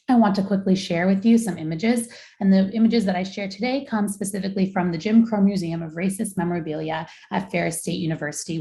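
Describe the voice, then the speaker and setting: Young adult woman researcher, low gravelly voice, measured academic lecture delivery, echoey room. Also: a little mellow. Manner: measured, explanatory. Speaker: researcher giving a talk.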